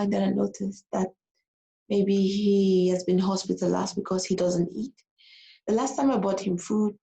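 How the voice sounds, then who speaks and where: A woman's voice: medium pitch, creaky, mellow, poor audio. A woman living abroad tells a personal story to her followers in a casual, emotional vlog, repeating herself and getting tearful. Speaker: vlogger.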